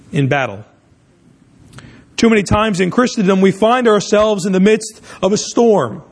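A pastor preaching, opening with a lively illustrative story before turning to his sermon topic. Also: high-pitched. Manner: animated storyteller, speeds up in tense moments.

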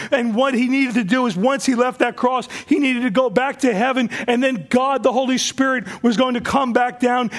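Gravelly high-pitched male preacher. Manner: conversational preaching with repeated restarts. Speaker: pastor. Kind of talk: sermon.

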